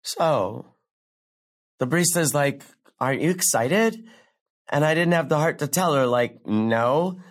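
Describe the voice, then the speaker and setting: Taking a measured pace with long pauses, a wry young comedian meanders through a profane stand-up bit in a scripted drama. Her pitch leaps up before sinking for deadpan remarks, and she sounds sardonic, brash and ready to mock herself.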